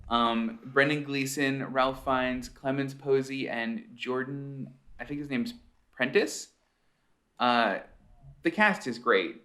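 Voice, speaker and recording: Co-host guy on a video call, middle pitch, excited, laughs at himself. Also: slow pace. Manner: enthusiastic, laughing, self-deprecating. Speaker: podcast co-host. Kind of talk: casual chat.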